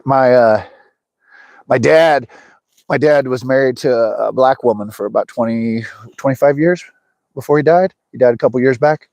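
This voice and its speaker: Talking at a moderate pace with some vocal fry and a slightly mellow, mid-range tone, a middle-aged man from the USA livestreams his fishing outdoors by a snow-covered lake. The recording is dry, and his casual chat with viewers rambles, often breaking into laughter.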